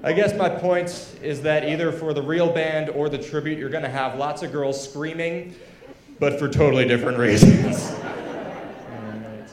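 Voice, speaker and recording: Man, young adult, stand-up set, chatty with fillers, higher-pitched, echoey venue. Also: unhurried, darkish tone. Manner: conversational, lots of fillers and asides. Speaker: stand-up comedian. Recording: echoey live room.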